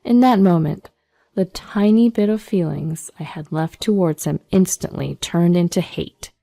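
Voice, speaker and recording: A woman reading a first-person story as a scripted narration, steady and measured. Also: fairly low pitch, gravelly.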